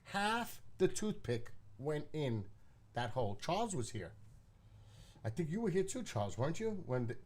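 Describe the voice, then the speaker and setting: A man's voice: fairly high pitch, sing-song, normal speed, a little mellow. A man hosting a live stream from his living room, telling a rambling story in a blunt, casual way and swearing freely. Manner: profane, blunt, talking to chat.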